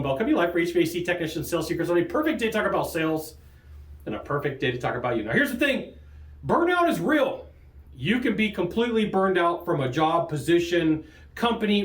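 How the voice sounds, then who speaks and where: A man hosting a sales training show, coaching in an energetic, joking way and laughing often. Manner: lively, jokey, laughs often, big pitch jumps. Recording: roomy echo.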